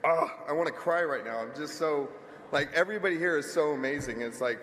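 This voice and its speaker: A man's voice: on the high side, fairly quick, fairly bright tone. Nervous man giving a shaky acceptance speech. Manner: shaky, emotional, rambling. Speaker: award acceptor. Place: large event hall stage. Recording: echoey hall with ambient crowd noise.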